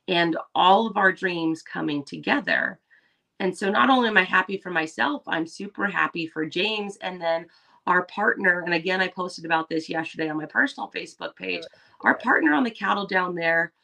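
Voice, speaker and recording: A woman's voice: fairly low pitch, creaky. A woman co-hosting a podcast, telling stories in casual chat and acting out what others said. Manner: animated storyteller, acts out quoted voices. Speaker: podcast co-host.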